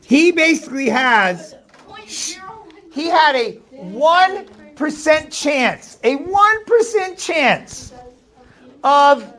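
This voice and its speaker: A man's voice: extremely high pitch, sing-song, drawn-out words, sharp tone. A man with a Maine accent teaching a math class, chatty and jokey, often shushing his students. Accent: New England (Maine).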